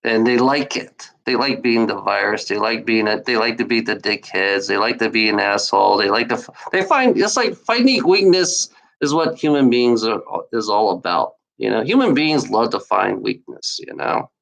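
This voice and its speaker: A man livestreaming by himself delivers a rambling rant at chat trolls, profane and scornful, repeating himself and talking back to them. His lowish, gravelly voice is a bit bright, moving at normal speed with few pauses, over poor audio.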